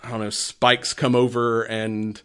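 A man's voice: medium pitch, flat delivery, a little slow, a bit bright, clean tone. Rambling, laughing man recapping a movie. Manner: rambling, swears, laughs a lot. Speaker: podcast co-host. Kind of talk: casual chat.

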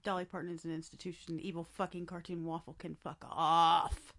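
A woman's voice: fairly low pitch, level tone, fairly quick, fairly bright tone. A woman co-hosting a casual podcast, talking bluntly and emphatically with a lot of swearing. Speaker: podcast co-host. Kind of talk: casual chat.

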